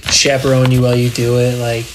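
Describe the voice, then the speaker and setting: A man's voice: mid-range voice, completely flat delivery, brisk, noisy background. A man hosting a casual podcast chat, agreeable and asking short follow-up questions.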